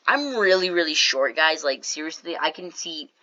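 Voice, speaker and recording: Casual storytime narrator, bright tone, jokey asides to viewers, slightly muffled lo-fi recording. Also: mid-range voice, expressive, moderate pace. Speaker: storytime YouTuber. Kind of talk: casual storytime over gameplay.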